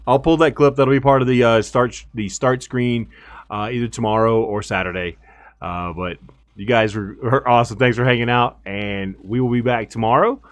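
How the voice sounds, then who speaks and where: A young man streams a game live, chatting casually to viewers, rambling and counting under his breath as he plays. His mid-range voice is steady and moves at a normal speed, recorded dry.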